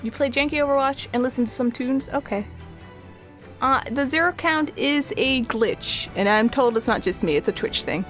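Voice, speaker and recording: A woman's voice: high voice, normal speed, fairly bright tone, soft background music. A woman streaming her art, chatting casually and a bit sassily with her viewers while she paints. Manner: chatty, sassy, talks to chat.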